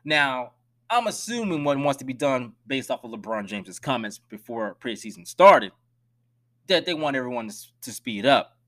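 A man hosting a solo sports podcast, talking emphatically and swinging between loud outbursts and hushed asides. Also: mid-range voice, sing-song, moderate pace. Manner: direct, addresses listeners as y'all. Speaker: podcast host.

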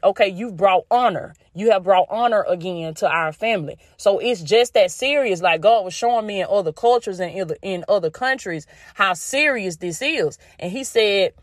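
A woman's voice: mid-range voice, dry recording, clean studio sound. A woman with a Southern US accent, hosting a podcast and giving a faith-based motivational talk in a folksy, down-home way, repeating phrases for emphasis. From Southern United States. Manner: folksy and down-home, addresses listeners as "baby" and "y'all". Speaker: podcast host.

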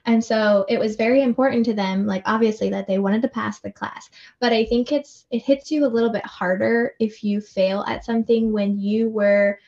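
A woman's voice: on the high side, steady tone, moderate pace, vocal fry, hardly any pauses, darkish tone. A woman co-hosting a casual podcast as a mother and military spouse, chatty, laughing easily and using many fillers. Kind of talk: casual chat. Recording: slightly dull audio.

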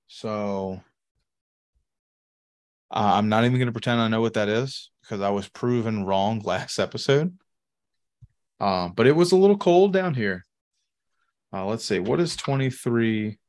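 A man, co-hosting a podcast in casual, profane chat and telling rambling stories with laughs. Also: on the low side. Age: 30s. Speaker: podcast co-host.

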